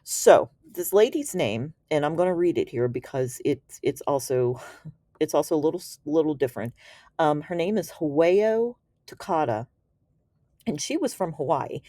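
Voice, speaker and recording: Low, mellow-voiced chatty woman. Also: expressive, normal speed, dry recording, clean studio sound. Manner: chatty and enthusiastic, slangy, with laughs. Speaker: Reiki teacher. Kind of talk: casual storytelling explanation.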